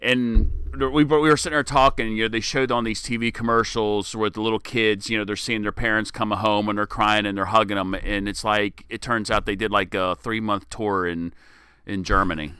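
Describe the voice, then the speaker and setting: A middle-aged man co-hosting a casual talk show, with a low, ringing, smooth voice. He is animated and sarcastic and now and then drops into mock voices. The mic is close and dry. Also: normal speed, no room sound. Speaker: podcast co-host. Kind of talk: casual chat.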